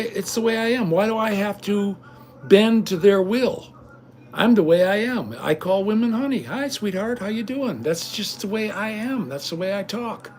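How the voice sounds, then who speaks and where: Brief: middle-aged male vlogger, slightly high voice, indignant rambling rant, recorded at home. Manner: indignant, ranting. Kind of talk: casual rambling home vlog.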